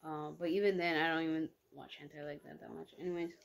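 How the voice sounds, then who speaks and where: A woman's voice: deep voice, fast talker, gravelly. A young woman vlogger telling a story casually while eating, chatty and slangy, full of "like" and quoted reactions. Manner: chatty, slangy, animated retelling with lots of "like".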